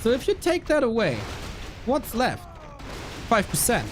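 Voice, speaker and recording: A young man calling a strategy game live, his pitch jumping around animatedly as he shifts between play-by-play and friendly chat with his viewers. He talks casually and reacts on the fly, greeting people in chat mid-sentence. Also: a little slow, slight background noise. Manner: lively, chatty, reacts to viewers mid-commentary. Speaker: esports caster and streamer.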